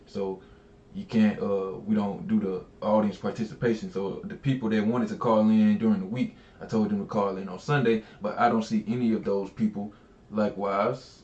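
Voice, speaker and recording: A low-voiced man hosts a casual podcast in an easygoing, joking way. His voice sounds a little dull and roomy, as if picked up in an echoey space. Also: darkish tone. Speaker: podcast host. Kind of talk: casual call-in podcast chat.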